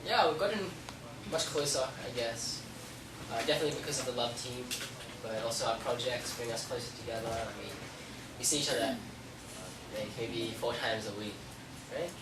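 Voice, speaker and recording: A man's voice: medium pitch, normal speed, pauses often. A young man with an Australian accent, a guest in a casual chat, answering hesitantly and searching for words. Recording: echoey room, distant mic, noisy.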